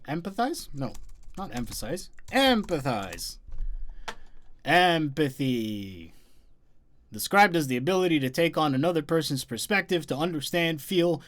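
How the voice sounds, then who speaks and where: A man with a fairly high voice hosts a live tips session from an indoor room. He talks emphatically, hammering his key points through repetition. His loudness swings widely, from near-shouted stresses to quiet asides. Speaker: host.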